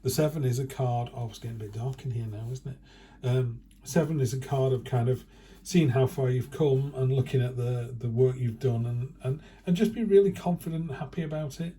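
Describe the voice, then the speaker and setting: A man's voice: mid-range voice, fairly quick, warm tone, a little hiss or hum. A man giving a chatty, rambling tarot reading indoors, often breaking into playful quoted asides. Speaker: tarot reader. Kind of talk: casual tarot reading monologue.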